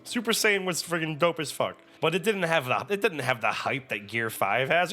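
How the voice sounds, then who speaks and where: Young male reaction host, bright forceful voice, excitable and sweary. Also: a little high, fairly quick, hardly any pauses. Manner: excitable and profane, animated storytelling. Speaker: anime reaction video host. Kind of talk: casual reaction commentary.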